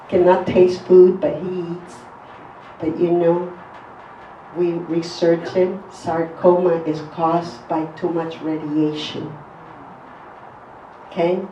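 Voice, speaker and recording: Woman, earnest testimony, slow and low-pitched, mellow voice, echoey distant dull recording. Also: slight background noise. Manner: earnest, emphatic storytelling. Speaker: testimony speaker. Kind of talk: personal faith testimony.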